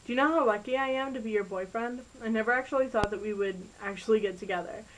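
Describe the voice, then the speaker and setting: A woman's voice: a little high, fast talker, slight background noise, natural voice, rough recording. A woman reading as a sweet teenage boyfriend. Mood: tender.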